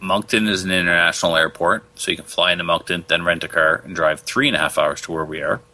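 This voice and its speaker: A man with a low voice and a bright, forceful edge hosts a casual podcast. He talks in an easygoing, conversational way, chuckling often as he explains things. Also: quick pace. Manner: relaxed, chatty, laughs easily. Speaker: podcast co-host.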